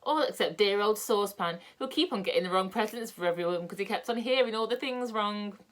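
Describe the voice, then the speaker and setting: A woman reading a children's book aloud in a lively, expressive way. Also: mid-range voice, quick pace. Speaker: storyteller.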